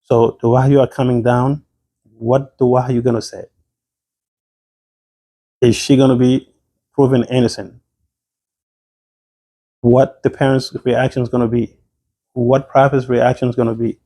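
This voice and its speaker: A man's voice: mid-range voice, level tone, measured pace, long pauses, mellow. A man as a sheikh giving a sermon, retelling a story earnestly with emphatic questions and frequent restarts.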